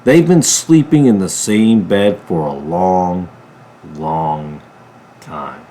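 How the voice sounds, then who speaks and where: A man from a ministry channel giving a political commentary monologue, emphatic, jumping from loud bursts to low mutters. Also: takes it slowly, slight background noise. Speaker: ministry preacher.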